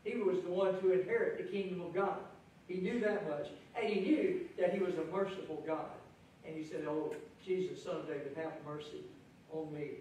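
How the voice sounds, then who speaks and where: A man preaching a sermon as pastor, lively, acting out the crowd's voices with a raised voice. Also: a little high, slight background noise. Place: church sanctuary. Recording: echoey church hall from far off.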